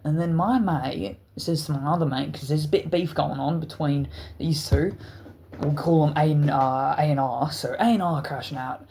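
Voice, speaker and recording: A man's voice: a little high, normal speed, gravelly, warm tone, a little hiss or hum. A man telling a wild story in a rambling, profane, casual way, full of restarts.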